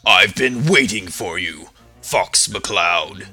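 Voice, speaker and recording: Brief: a man voicing a scheming male ape tyrant, deep and drawn out, ringing bright tone. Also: lively intonation, soft background music, exaggerated voice. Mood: menacing. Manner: deep, slow, loud menacing voice. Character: power-hungry male ape villain emperor.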